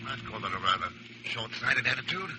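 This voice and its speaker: An actor with an American accent in a 1940s radio drama playing a dry, self-assured adventurer, on a very hissy old recording. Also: male voice, medium pitch, very animated, a little fast, natural voice. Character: cool, confident American adventurer man. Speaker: hero investigator.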